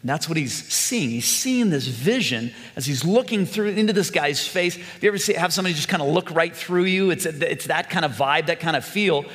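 A man's voice: a little high, lively intonation, brisk, few pauses, a bit bright, long reverb tail. A male pastor preaching an earnest, conversational sermon, full of questions put to his congregation.

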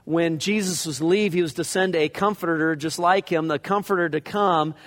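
A man's voice: on the high side, steady tone, moderate pace, a bit bright. A man preaching a verse-by-verse sermon in a conversational way, acting out scripture passages in character as he goes. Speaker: pastor. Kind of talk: expository sermon. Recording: long reverb of a large hall.

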